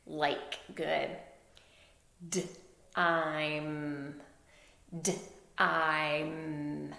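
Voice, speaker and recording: Slow, gravelly teacher in an echoey room. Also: female voice, low voice, pushed and bright. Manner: slow, encouraging, sounds out word parts. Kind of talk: phonics lesson for young children.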